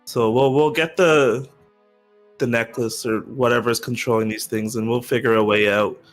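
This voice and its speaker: A man's voice: mid-range voice, steady tone, moderate pace, faint music behind. A man playing a character in a tabletop game, speaking in a reflective, hesitant way. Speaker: player. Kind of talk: in-character roleplay.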